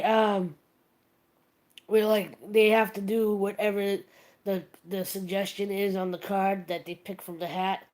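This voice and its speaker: A woman's voice: mid-range voice, a little mellow. Woman rambling through a story. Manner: rambling storytelling with restarts, acts out quotes. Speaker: stream host. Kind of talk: casual livestream chat.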